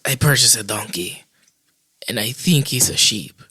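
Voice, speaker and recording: Male player, bright tone, halting delivery, dry recording. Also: lowish voice, lively intonation, slightly rough, no room sound. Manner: hesitant, halting, stumbles over words. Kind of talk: tabletop game role-play.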